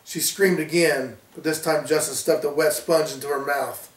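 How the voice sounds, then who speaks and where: A man reading his own horror story aloud with a steady storytelling delivery. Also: fairly high pitch, normal speed. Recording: roomy, distant from mic.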